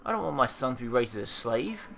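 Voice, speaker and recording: A man reading the lines of a worried young woman whose husband was arrested, speaking in a halting, anxious way. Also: medium pitch, very animated, gravelly, a bit bright, a little hiss or hum. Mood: upset. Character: upset young wife, worried about husband.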